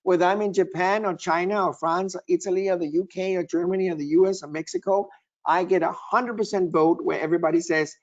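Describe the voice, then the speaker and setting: A man's voice: high voice, fairly even intonation, fast talker, muffled recording. A man, a guest expert, presenting slides on a webinar and building his points in lists.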